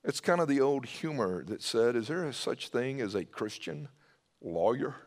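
A man preaching a sermon, swinging his pitch and loudness and dropping to a hushed voice when he quotes. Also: sing-song, normal speed. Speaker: pastor.

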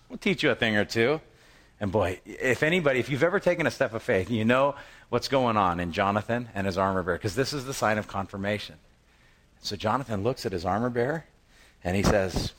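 A pastor delivers a sermon through lively, conversational storytelling, slipping into the voices of the people in the passage before returning to plain speech. He frequently restarts phrases and repeats words. His voice is fairly low and his pace brisk.

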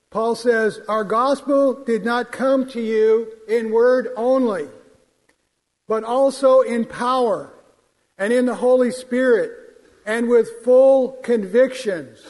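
A man preaching a sermon in a church, quoting scripture in a measured, emphatic way. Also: extremely high pitch, darkish tone. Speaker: pastor. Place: church sanctuary. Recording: long hall reverb.

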